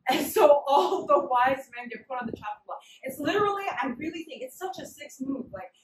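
A woman preaching a casual sermon with slangy, animated storytelling. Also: high-pitched, a little fast. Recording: roomy, distant, noisy hall.

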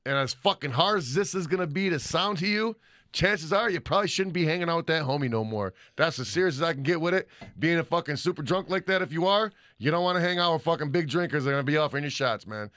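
Man, podcast co-host, casual chat, loud and profane, animated pitch, bright edge, dry close sound. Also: fast talker, dry recording. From Michigan. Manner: loud, profane, reads listener shout-outs.

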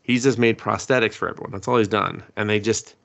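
Low-voiced man rambling through a recap. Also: steady tone, quick pace, vocal fry. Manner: rambling and loose, full of "like" and "um", swears and laughs. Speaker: podcast co-host. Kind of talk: casual chat recapping anime. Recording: dull lo-fi podcast audio.

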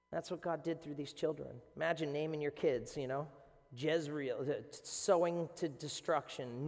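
A man with a Boston accent preaching a sermon as pastor, animated and acting out the quoted voices. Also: a little high. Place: church sanctuary. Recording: reverberant church hall.

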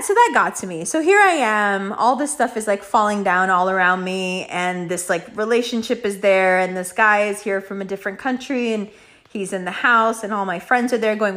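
A woman's voice: a little high, lively intonation, brisk, fairly bright tone. A woman hosting a podcast, telling a personal story in a rambling casual way, full of "like" fillers, swearing and laughter. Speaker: podcast host.

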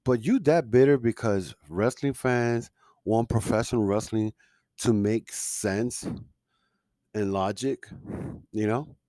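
Heated, low-voiced male podcast host. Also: slow, pauses often, mellow, dry recording. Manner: heated, opinionated ranting with frequent fillers. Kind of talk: casual podcast commentary.

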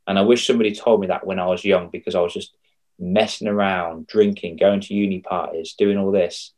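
A man's voice: low voice, a little fast. A young man coaching on confidence in a casual podcast chat, acting out quoted voices as he tells stories. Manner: animated storyteller, acts out quoted voices.

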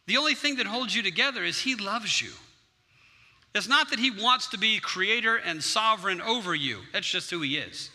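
A man's voice: high-pitched, expressive, normal speed, bright, forceful tone. A man preaching a sermon as pastor, earnest and conversational, acting out his own prayers. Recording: long hall reverb.

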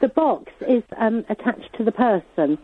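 Woman, radio caller, matter-of-fact and precise, mid pitch, tinny phone line. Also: animated, normal speed, a little hiss or hum. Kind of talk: phone-in call.

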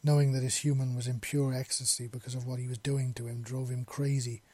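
Quiet man with a flat, husky voice. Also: mid-range voice, brisk, no echo. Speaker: story narrator. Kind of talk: scripted narration of a romance story.

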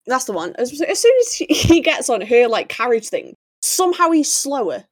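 Woman, podcast co-host, casual chat, laughs a lot, high-pitched, dry sound. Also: very animated, normal speed, no room sound. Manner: giggly, chatty, often laughing.

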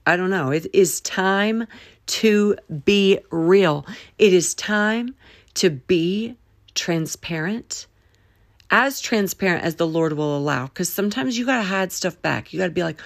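A woman hosts her own faith-based podcast in a low voice, stretching key phrases out for emphasis. She talks in a folksy, preachy way and drifts into a playful Southern drawl. The sound is dry and close, with no room echo. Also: measured pace, vocal fry. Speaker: podcast host.

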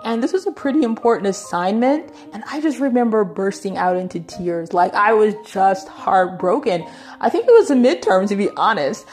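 A woman's voice: medium pitch, expressive, normal speed, darkish tone. A woman giving a conversational Bible teaching, often checking in with "right?" and "you know".

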